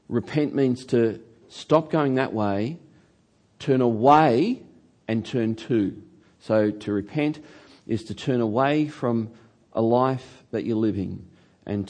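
In a church hall, a male pastor preaches a sermon in a fairly low voice. He tells a story with animated delivery, stretching out the key words.

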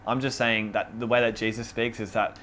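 A man's voice: lowish voice, a little fast, a little hiss or hum. Chatty man teaching scripture casually. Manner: relaxed and chatty, with many fillers. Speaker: youth group or Bible study leader.

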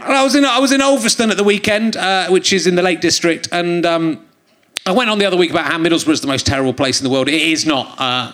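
A man's voice: high-pitched, fast, a bit bright. A middle-aged man hosting a live comedy podcast on a theatre stage, rambling and self-mocking, full of fillers and restarts. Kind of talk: stand-up style live podcast monologue. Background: audience laughter.

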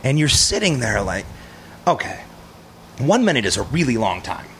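Male guest, animated storyteller, mid pitch, swears casually. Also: a little fast, a little hiss or hum. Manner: animated, vivid storyteller who swears freely. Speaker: movie guest.

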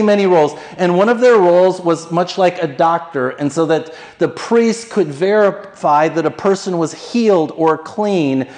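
Male pastor, conversational sermon delivery, acts out quotes, a touch higher pitched than most men. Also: low-quality recording.

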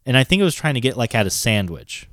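Bright-voiced man telling a funny story. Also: medium pitch, quick pace, no echo, studio quality. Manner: animated, swearing often, laughing through his story. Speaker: podcast co-host telling a story. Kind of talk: casual storytelling chat.

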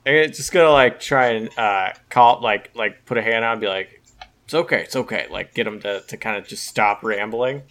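A man player in a tabletop game, halting and thinking aloud, heard from a distance. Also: fairly low pitch, a bit bright. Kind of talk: casual tabletop play.

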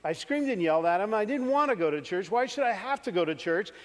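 A man's voice: high voice, animated, fast. A man preaching a sermon, telling a personal story and acting out his younger self. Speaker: pastor. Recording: church hall reverb.

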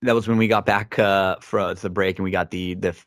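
A man's voice: low-pitched, fairly even intonation, brisk, no room sound. Guy co-hosting a wrestling show, picky opinions, stumbles a lot, dry sound. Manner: opinionated, frequent restarts and fillers. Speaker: wrestling podcast co-host. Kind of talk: casual chat reviewing wrestling.

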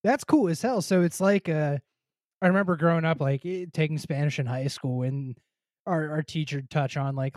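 A man's voice: fairly high pitch, brisk, a little mellow, no echo, studio quality. A young man co-hosting a podcast, chatting casually, loose and jokey, often laughing. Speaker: podcast co-host. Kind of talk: casual conversation.

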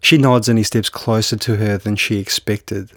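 A man's voice: fairly low pitch, steady tone, fairly bright tone, dry recording, clean studio sound. A man, a novelist, talking hesitantly in an interview with many restarts, then reading from his book. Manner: hesitant, halting with restarts and fillers. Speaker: novelist guest.

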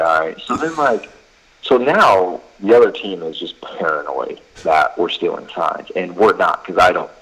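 A man with a very low, husky voice tells baseball stories in a loose, conversational way. He keeps stacking "you know" and "like" and acts out both sides of an argument. It has a broadcast-style sound. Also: a bit bright, rough recording. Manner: rambling anecdotes full of fillers and quoted dialogue. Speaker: college baseball head coach. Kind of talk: casual podcast chat, storytelling.

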